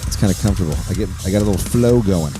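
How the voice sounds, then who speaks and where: A man's voice: deep voice, very fast, over music. A man hosting a podcast, talking in a loose, rambling way and swearing freely. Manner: hyped, sing-song opening greeting. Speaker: podcast host. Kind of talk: casual podcast intro monologue.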